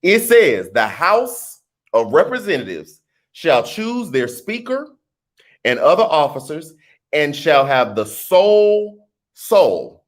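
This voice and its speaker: A middle-aged man with a New Orleans accent, talking casually to camera about politics, with lively rhetorical questions and teasing asides. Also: fairly high pitch, slow. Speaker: political commentary vlogger. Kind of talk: casual explainer vlog.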